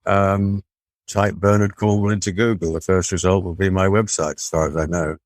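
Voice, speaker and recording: Low-voiced man, dry and understated. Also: flat delivery, moderate pace, no echo. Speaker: author guest. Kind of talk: interview answers.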